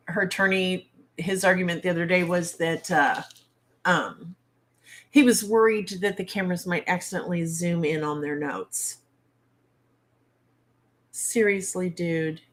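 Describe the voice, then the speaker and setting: A woman hosting a casual livestream chat from home. Her voice sits fairly low for a woman, and she speaks bluntly with a salty, exasperated humor. She is picked up on a simple webcam mic. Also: fairly bright tone. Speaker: livestream host.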